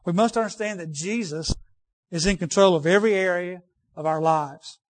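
A man's voice: sits high, normal speed. A man preaching a sermon in a conversational way, repeating key phrases for emphasis and turning to folksy asides with the congregation.

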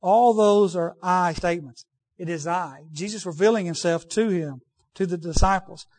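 Preacher guy with a pretty high voice, chatty sermon, keeps repeating lines for emphasis. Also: moderate pace, a little mellow. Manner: conversational, repeats key phrases for emphasis; frequent restarts, folksy asides to the congregation.

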